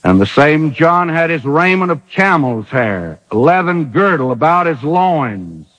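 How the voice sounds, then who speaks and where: A man delivering a sermon in a high voice that leaps up and down in pitch. He fires off rhetorical questions and lets dramatic pauses hang, and the sound carries a long hall reverb on an old radio recording. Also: fairly bright tone. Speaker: preacher.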